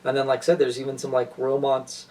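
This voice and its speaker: A man's voice: mid-range voice, monotone, quick pace, darkish tone, far from the mic. A man co-hosting a casual podcast chat, gushing with enthusiasm and rambling through restarts. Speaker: podcast co-host.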